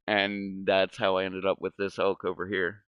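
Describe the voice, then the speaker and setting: A man's voice: sits low, monotone, moderate pace, smooth, no echo, dull audio. A man hosting a gaming channel, telling a story in casual chat. He rambles, swears a lot and keeps saying "like". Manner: rambling, profane, fills speech with "like".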